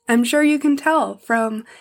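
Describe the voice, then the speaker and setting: A young woman hosting a personal podcast, speaking emotionally and pausing often to hold back tears, sometimes dropping to a soft whisper. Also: a little high. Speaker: podcast host.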